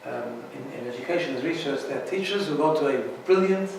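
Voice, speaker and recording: A man's voice: on the high side, expressive, brisk, creaky, very echoey, distant mic, noisy background. A man teaching an informal Torah class as a rabbi, chatty and often checking in with "right?". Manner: chatty, keeps asking "right?".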